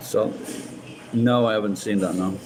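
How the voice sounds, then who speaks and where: A man's voice: on the low side, fairly even intonation, moderate pace, a crowd in the background, rough recording. A man from Sheffield with a Sheffield accent, chatting casually with viewers on a livestream and rambling with frequent restarts. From Sheffield, England. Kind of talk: casual chat.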